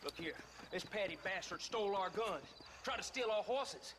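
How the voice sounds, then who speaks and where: An actor voicing a hostile, quarrelsome Welsh outlaw with a sing-song voice in a video game. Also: male voice, high-pitched, animated, normal speed, crowd noise.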